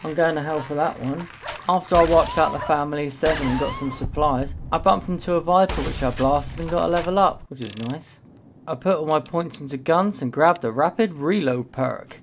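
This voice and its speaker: A young man narrating a game run with cheeky, jokey commentary and plenty of self-mockery. His voice sits a touch high. Faint hiss and room noise can be heard behind him. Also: moderate pace. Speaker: gaming YouTuber. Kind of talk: comedic gameplay commentary.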